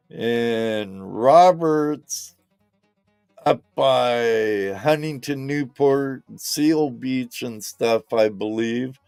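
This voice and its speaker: A man's voice: medium pitch, vocal fry, darkish tone, no echo. A man from Southern California hosting a live stream, chatting in a rambling, laid-back way and talking straight to his viewers. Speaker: live show host. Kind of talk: casual live-stream chat.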